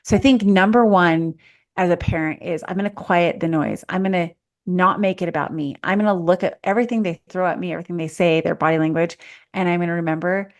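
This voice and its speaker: A woman's voice: fairly low pitch, quick pace. A woman who is a life coach and co-host, giving earnest advice to parents in a casual chat. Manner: earnest, coaching, thinks aloud. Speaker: mother of teens.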